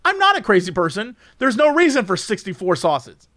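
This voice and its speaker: A man's voice: high voice, huge pitch swings, fairly quick, fairly bright tone, no room sound, clean studio sound. A young man in casual chat, thinking aloud and musing with restarts.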